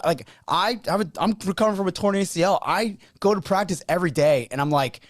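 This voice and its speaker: A man's voice: high voice, brisk, few pauses, dry recording, clean studio sound. A man hosting a podcast who chats casually, acting out the people he quotes as he tells stories. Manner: animated storyteller acting out quoted dialogue.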